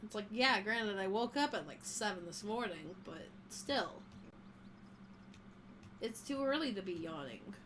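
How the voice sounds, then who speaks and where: Woman chatting while gaming, mid-pitched, dry amused reactions, faint hiss. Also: expressive, unhurried. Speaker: game streamer. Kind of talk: casual chat while gaming.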